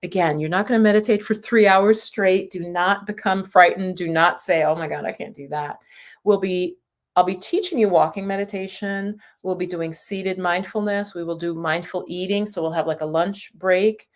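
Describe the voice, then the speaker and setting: A woman yoga teacher chatting on a livestream through her computer mic. Her voice sits a little low, and her talk is casual and reassuring. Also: fairly even intonation, moderate pace. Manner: chatty, reassuring, sometimes laughing.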